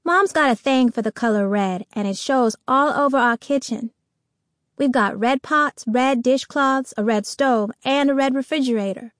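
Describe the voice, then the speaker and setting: A woman narrating a children's audiobook in the first person, telling the story with lively energy. Her voice sits high and the recording is dry and close. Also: normal speed, no echo.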